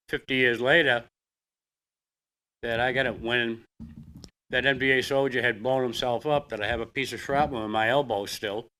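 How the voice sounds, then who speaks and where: An older man with a Boston accent, a veteran telling his own story in a plainspoken, halting way. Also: mid-range voice, pushed and bright. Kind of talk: personal storytelling.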